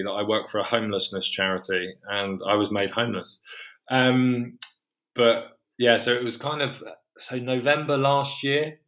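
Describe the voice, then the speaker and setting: A man's voice: on the low side, a bit bright. Man retelling a hard story. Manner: rambling, self-correcting, emotional retelling. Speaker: guest author. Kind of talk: candid personal storytelling.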